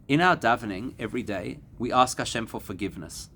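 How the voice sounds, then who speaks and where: Animated rabbi teaching a class. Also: male voice, medium pitch, fast, slight background noise. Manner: animated, rising to emphatic peaks and acting out quoted voices. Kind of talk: Torah class lecture.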